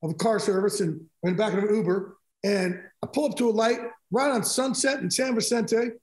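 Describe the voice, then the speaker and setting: A sports broadcaster guest in his middle years, his voice sitting high and brisk, tells stories in a casual interview. He's animated and re-enacts quoted conversations, recorded in an echoey room.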